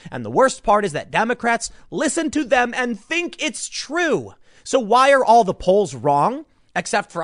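A man's voice: sits high, a bit bright, no room sound, studio quality. A man giving sarcastic political commentary, reading an article aloud with mocking asides.

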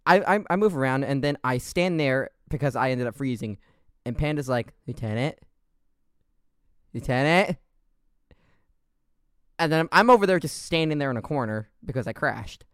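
A man's voice: mid-range voice, lively intonation, a little fast, clear, resonant tone, no room sound, studio quality. Laid-back man hosting a podcast. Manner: rambling, laughing storyteller. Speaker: podcast host. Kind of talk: casual gaming podcast chat.

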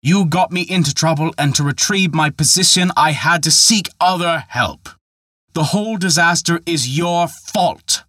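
A man's voice: mid-range voice, lively intonation, takes it slowly, no echo, studio quality, voice pushed up, exaggerated voice. A man voicing a cruel, furious rich man with a heart of stone. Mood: angry. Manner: shouting, bitter.

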